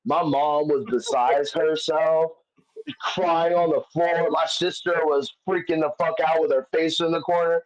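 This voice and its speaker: A man's voice: a little high, steady tone, a little slow. A man, a comedian guest, telling stories in casual chat, swearing often and rambling with many fillers. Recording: dull lo-fi audio.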